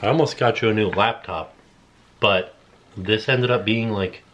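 A man's voice: on the low side, a little slow, a bit bright, lo-fi sound, slight background noise. Guy rambling casually with a laugh, sore and tired, on a home vlog. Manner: chatty, laughing storyteller. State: sore and worn out after a long run. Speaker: vlogger. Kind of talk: casual chat.

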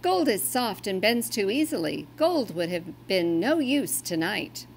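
A woman's voice: medium pitch, big pitch swings, unhurried, gravelly, slight background noise. A woman reading a wise old mother reindeer. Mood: calm. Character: oldest female reindeer, wise and calm.

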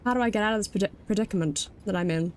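A woman's voice: medium pitch, rapid-fire, a little hiss or hum. A British woman streaming a video game live, jumpy and swearing freely as she comments and talks to her chat.

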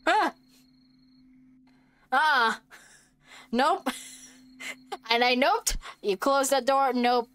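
A woman's voice: sits high, animated, very slow, pauses often, fairly bright tone, smooth. A woman streaming a video game, reacting to it with jokes and lots of giggles. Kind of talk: let's play commentary.

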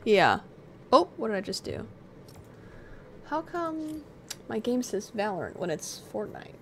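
Sarcastic lady streamer gaming, kinda high voice, very bouncy. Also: big pitch swings, unhurried, a little hiss or hum. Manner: playful, sarcastic, rambling. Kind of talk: casual live-stream chat while gaming.

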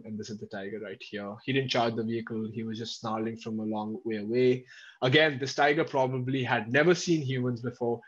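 A man with a medium voice tells a safari story to his livestream viewers, animated and chatty, breaking off to answer their comments. The audio is dull and lo-fi, like a laptop stream. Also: mid-range voice. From India. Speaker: wildlife presenter.

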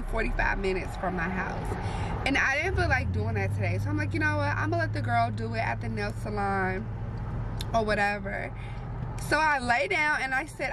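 A woman's voice: fairly high pitch, noisy background. Sassy, chatty woman vlogger. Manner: animated, sassy storytelling. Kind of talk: casual vlog chat.

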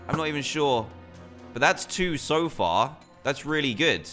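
Young British gaming host, excitable and animated, bright tone. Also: male voice, a little high, a little slow, soft background music. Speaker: gaming YouTuber. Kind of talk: gameplay commentary.

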